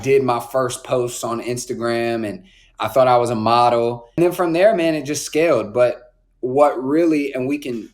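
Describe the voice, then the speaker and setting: Casual dude in his 20s rambling on a podcast, lots of likes and bros, average pitch. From Raleigh, North Carolina. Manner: laid-back slang, frequent "like" and "bro". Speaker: podcast guest. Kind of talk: casual storytelling.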